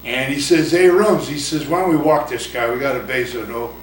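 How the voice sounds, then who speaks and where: A man's voice: mid-range voice, a little fast. Older man telling rambling baseball anecdotes. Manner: rambling anecdotes, acts out voices, chuckles often. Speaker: retired baseball pitcher and coach. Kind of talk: casual interview storytelling. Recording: roomy, distant mic, noisy ambience.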